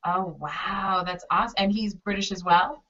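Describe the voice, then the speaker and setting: A woman's voice: mid-range voice, normal speed, a bit bright, muffled recording. A woman hosting an interview, effusive and exclamatory, often repeating her words. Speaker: interview host and costume designer. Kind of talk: casual interview chat.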